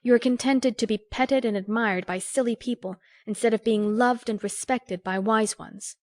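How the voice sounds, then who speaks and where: A woman reading an audiobook, voicing an earnest, sharp-tongued young woman who lectures a friend in a crisp, scolding way. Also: a little high, normal speed, no room sound, clean studio sound, voice pushed up, lightly acted. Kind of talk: audiobook character voice.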